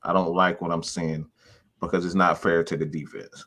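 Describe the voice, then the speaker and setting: A man co-hosting a casual sports talk show, deliberate and building to emphatic repetition. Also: low-pitched, flat delivery, fairly bright tone. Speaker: podcast co-host.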